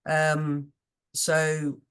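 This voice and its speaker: A woman's voice: deep voice, completely flat delivery, very slow, clear, resonant tone. A British woman, a podcast guest, chatting casually in a rambling, earnest way with many restarts. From United Kingdom.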